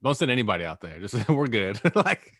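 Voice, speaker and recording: A man with a low voice that rises and falls a lot as he talks. He tells his story in a loose, laid-back, rambling way. The sound is dry and close, with no room around it. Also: very animated, a little fast, fairly bright tone, husky, dry recording. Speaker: podcast co-host. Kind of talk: casual chat.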